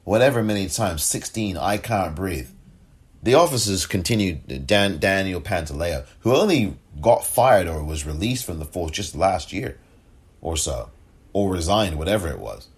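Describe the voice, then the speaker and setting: A man giving impassioned political commentary, angry and sarcastic, often rising in pitch as he rants. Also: lively intonation, moderate pace.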